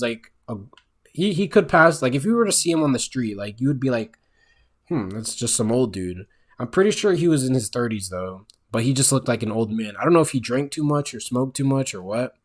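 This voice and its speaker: A young man speaks into his own microphone at home late at night, keeping his volume down so he doesn't wake anyone. His voice sits at an ordinary middle pitch, and he tells his story in a loose, profane, conversational way. He keeps checking in with his listeners, asking "all right?" as he goes. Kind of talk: casual storytime monologue. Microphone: own microphone, speaking quietly late at night.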